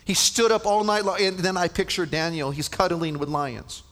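A man preaching a sermon at a men's conference, impassioned, often stammering and restarting, and dropping to a hushed whisper for effect. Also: high-pitched, moderate pace. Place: large conference hall. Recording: long reverb of a large hall.

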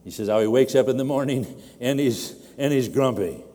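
An older man preaching a sermon in a large conference hall, his mellow voice trailing off into a long reverb. He gets animated and pushes his voice up when he acts out a demanding baby. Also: medium pitch, brisk.

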